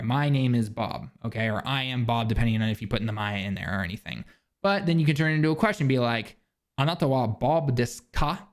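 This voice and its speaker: A young man with a mid-pitched voice talks straight to camera in a relaxed teaching tone. He rambles a little, restarts sentences and leans on fillers as he explains things for beginners. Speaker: language learning vlogger. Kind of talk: casual instructional talk. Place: living in Japan.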